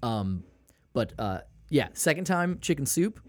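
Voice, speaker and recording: A man's voice: medium pitch, very animated, a little slow. A man from Maine co-hosting a podcast, chatting casually and playfully with frequent restarts. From Maine, USA. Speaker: podcast co-host. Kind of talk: casual chat.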